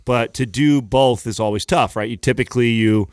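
A podcast co-host talking bluntly and irritably, with a lot of swearing, in a casual studio chat. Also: male voice, mid-range voice, normal speed, a little mellow, no echo. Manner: blunt, profane, easily irritated.

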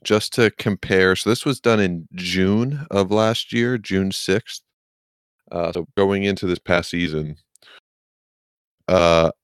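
This man, co-hosting an informal sports podcast, has the hiccups as he rambles along, swearing casually and making self-deprecating remarks. His smooth voice sits low, captured in a dry recording.

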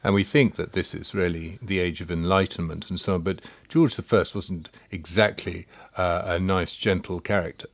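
A man with a very deep voice hosts a relaxed podcast conversation. He prompts his guest with questions. He also brings in examples of his own. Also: moderate pace, hardly any pauses.

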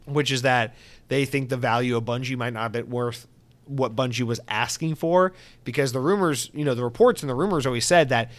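A man's voice: mid-range voice, a bit bright. A young adult man hosting a solo gaming podcast, reading news and riffing into profane comic tangents. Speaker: podcast host.

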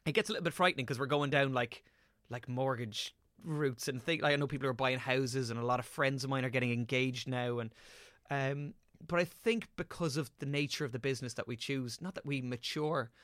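A young man in his late twenties, an actor on a podcast, talks in a bright, forceful voice. He tells stories with lively energy and drops casual swear words. The sound is close and dry, with no room around it. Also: medium pitch, brisk, few pauses, no room sound. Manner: animated anecdotal storytelling with casual swearing. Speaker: actor guest.

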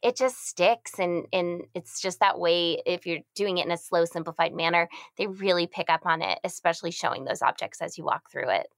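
A woman in her thirties talks through parenting tips in a relaxed chat. She dips into lively, singsong baby talk with high swoops. Her voice sits on the low side and sounds dry and close. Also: moderate pace, hardly any pauses, no room sound. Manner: acts out baby talk with big pitch swings. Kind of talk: casual advice chat.

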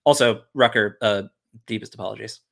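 A man hosting a draft stream, briskly passing the discussion to panelists. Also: on the low side, gravelly. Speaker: stream host. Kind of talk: casual podcast chat.

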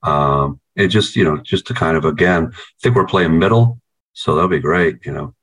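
A man's voice: very deep voice, moderate pace, a bit bright, slightly rough, low-quality recording. A man from the United States, a band member, chatting casually over a video call, laid-back, swearing freely and telling stories with energy.

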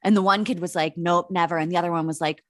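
A woman's voice: fairly low pitch, steady tone, racing, no echo, clean studio sound. A woman in her thirties from the United States, co-hosting a podcast in casual chat, telling stories and laughing often. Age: 30s. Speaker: podcast co-host.

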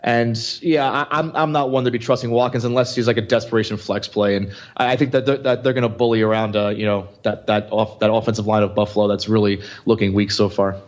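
Fast-talking man on slightly muffled audio. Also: on the low side, steady tone. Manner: rambling, many restarts. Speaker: fantasy football podcast co-host. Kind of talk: casual sports chat.

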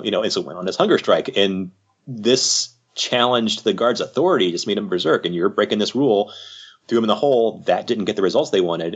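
A very deep-voiced man with a husky edge explains his thinking as a podcast guest, rambling and casual and padding his points with "you know." The audio is slightly muffled and lo-fi. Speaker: psychiatrist guest.

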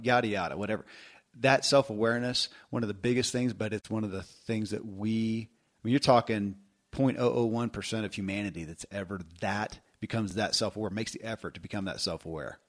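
A man with a slightly low voice hosts a podcast in an easygoing chat. He tells stories with animated energy and pokes fun at himself, laughing at his own slips. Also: quick pace. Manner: animated storytelling with self-deprecating laughs. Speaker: podcast host.

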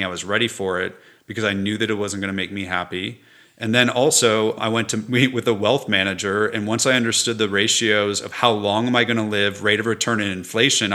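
Bright-toned earnest man telling his story. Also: on the low side. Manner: earnest, reflective, laughs while telling stories. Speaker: podcast guest, entrepreneur. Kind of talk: candid conversational interview.

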